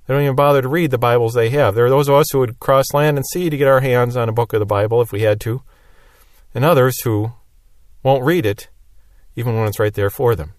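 A man's voice: mid-range voice, brisk, no room sound, clean studio sound. A man teaching a Bible lesson verse by verse, explaining plainly and repeating key phrases.

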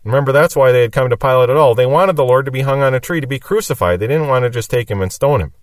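A man teaches scripture in a steady, mid-pitched voice. He reads a verse and then explains it plainly. The sound is dry, and he stands a little back from the microphone. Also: fast talker, no echo, far from the mic. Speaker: Bible teacher.

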